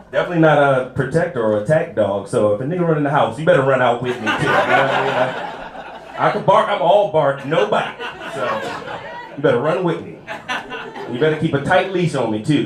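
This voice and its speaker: A man's voice: a little high, very noisy. A man in his thirties doing a loose, self-mocking stand-up set on a club stage. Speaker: stand-up comedian. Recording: echoey club with audience. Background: audience laughter.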